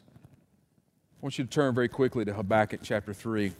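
A man's voice: on the low side, normal speed, long pauses. Emphatic preaching man in a reverberant hall. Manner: animated, emphatic preaching with repeated refrains. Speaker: pastor. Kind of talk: sermon.

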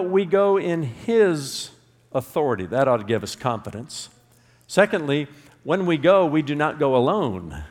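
A man's voice: on the high side, big-room sound. A man preaching a sermon as pastor, emphatic, drawing his congregation into call-and-response. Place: church sanctuary.

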